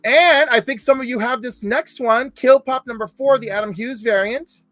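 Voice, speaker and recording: A man's voice: very high-pitched, normal speed, pushed and bright, no room sound, soft background music. A man hosting a casual comic book podcast, chatty, rattling off lists of titles. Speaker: podcast host.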